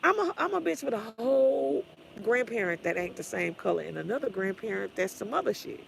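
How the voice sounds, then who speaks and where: Woman vlogger with a heavily gravelly voice delivering a profane, sassy livestream rant. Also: a little high, animated, fairly quick, a little hiss or hum, low-quality recording. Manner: blunt, sassy, trash-talking. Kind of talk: profane ranting livestream talk.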